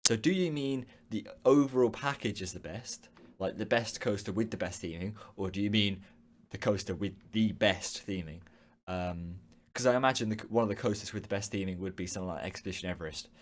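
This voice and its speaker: A man's voice: fairly low pitch, a little fast. A young man from the United Kingdom hosting a casual live stream, answering viewer questions in a rambling way with many ums and restarts.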